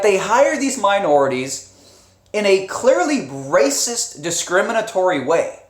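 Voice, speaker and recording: A man hosting a casual live stream, talking loosely with restarts, chuckles and swearing. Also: sits high. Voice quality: rambling, with frequent restarts and profanity. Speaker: live streamer and channel host. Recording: roomy echo.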